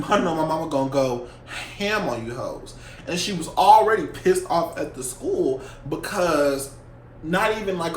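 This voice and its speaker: A young man telling a story from his school days in a casual storytime vlog, animated and heavy with profanity and slang. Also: on the high side. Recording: echoey room with faint hum.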